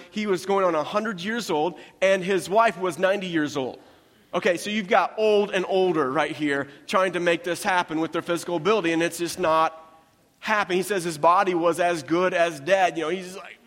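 A man preaching a sermon in a conversational, humorous way with quick asides. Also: sits high, fairly bright tone, big-room sound. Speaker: pastor.

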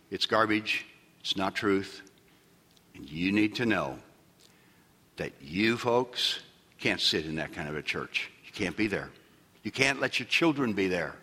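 A man preaching a sermon as pastor, swinging from shouted peaks down to low, quiet asides. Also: slightly rough, in a large hall. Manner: preaching with loud shouted peaks and sudden drops.

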